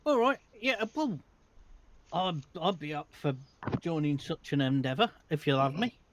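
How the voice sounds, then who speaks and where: A man's voice: on the high side, big pitch swings, unhurried, noisy background. A man doing a hearty dwarf sailor with a Scottish accent. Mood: jovial. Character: wild, friendly male dwarf sailor with a great axe.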